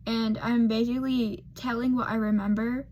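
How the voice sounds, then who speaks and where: A woman's voice: fairly high pitch, steady tone, moderate pace, darkish tone, a little hiss or hum. An eighteen-year-old woman telling a personal story in a casual, rambling way, full of fillers and self-deprecating remarks, with murmured asides. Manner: murmured asides while doing makeup.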